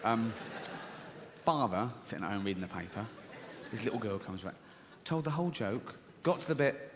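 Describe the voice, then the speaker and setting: A man's voice: medium pitch, lively intonation, moderate pace. A middle-aged man on a comedy stage, spinning anecdotes in a mid-range voice and slipping into other people's voices as he goes. He keeps cracking up at his own punchlines. A faint hiss of noise sits under the recording. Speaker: stand-up comedian. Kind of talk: stand-up storytelling.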